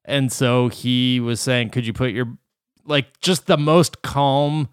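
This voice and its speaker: A man hosting a casual podcast chat, sardonic and quick to laugh as he sets up a story. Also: medium pitch, fairly even intonation, clean tone, dry recording, clean studio sound. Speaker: podcast host.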